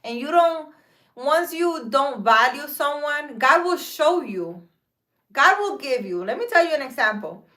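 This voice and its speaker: Expressive and high-pitched, this woman's voice sounds pushed and bright as she keeps a measured pace. In her thirties, she hosts a live stream as a spiritual advisor, talking earnestly and emphatically to viewers in a park about faith and relationships in a casual advice session.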